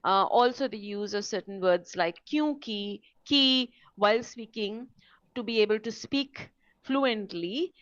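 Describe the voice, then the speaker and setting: A woman's voice: medium pitch, unhurried, fairly bright tone, no echo, muffled recording. A woman teacher giving a live online lesson on pronunciation, explaining step by step and often checking in with "right?". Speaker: test prep teacher.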